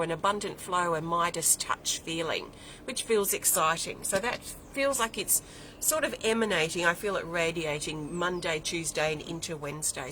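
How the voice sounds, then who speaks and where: Woman card reader, lower voice, flowing and repetitive delivery, faint room noise. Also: pushed and bright, low-quality recording. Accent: non-American English accent. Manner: flowing, repeats and lists words, thinks aloud. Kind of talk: weekly spiritual card reading.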